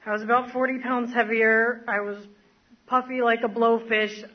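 Standing before an audience, a woman shares her recovery story as personal testimony, rambling with plenty of fillers and self-mocking laughs. Her voice is on the high side with a flat delivery at normal speed, and the audio sounds dull.

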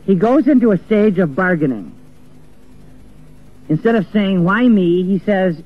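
A man's voice: high voice, animated, normal speed, pauses often. A man preaching an earnest sermon, acting out the voices of the people he quotes. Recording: tinny phone-like old recording with faint music.

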